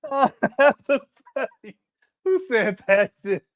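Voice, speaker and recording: A man in his late forties with an extremely high, slightly bright voice hosts a casual reaction commentary. He mocks and laughs as he talks.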